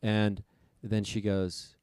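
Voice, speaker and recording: A man's voice: on the low side, completely flat delivery, slow pace, darkish tone, clean tone, no echo. A man in his thirties telling a long, rambling, profane story in casual chat, self-deprecating and loose.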